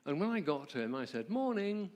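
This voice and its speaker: A man's voice: medium pitch, sing-song, fast talker. Conversational man telling a story in church. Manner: warm, conversational, asks the audience questions. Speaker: marriage ministry presenter. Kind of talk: storytelling talk to a church audience.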